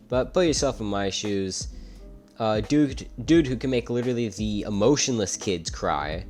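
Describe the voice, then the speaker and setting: A young man telling a story in casual commentary, rambling, with frequent uhs and restarts. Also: fairly low pitch. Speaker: YouTube commentator.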